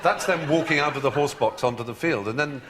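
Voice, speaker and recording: An Englishman who is a talk show guest, telling anecdotes in an articulate, wry way with animated asides. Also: medium pitch, quick pace, noisy background. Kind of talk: anecdotal storytelling.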